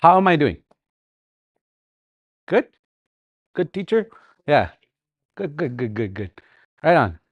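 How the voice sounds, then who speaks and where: A man teaching a live language class, speaking slowly and repeating words with rhetorical questions. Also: on the high side, big pitch swings, breathy edge. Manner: slow, repetitive, with sounded-out words and rhetorical questions.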